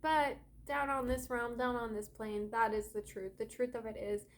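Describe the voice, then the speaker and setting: A woman's voice: fairly high pitch, flat delivery, moderate pace, slight background noise. A woman giving a casual, rambling spiritual energy update as a yoga teacher and oracle card reader, talking straight to her viewers. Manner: chatty and rambling, addresses viewers as guys.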